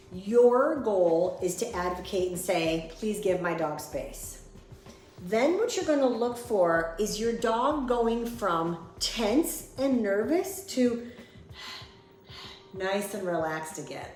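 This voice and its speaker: A woman's voice: mid-range voice, darkish tone, reverberant. A woman dog trainer giving earnest, plain-spoken advice and acting out sample replies. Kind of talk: instructional talk to camera.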